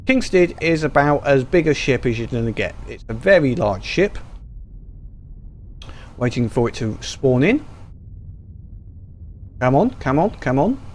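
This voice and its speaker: A man's voice: medium pitch, big pitch swings, measured pace, long pauses, a little mellow, a little hiss or hum. A man giving casual, rambling gameplay commentary full of ums and restarts, recorded over a screen capture. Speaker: gaming YouTuber.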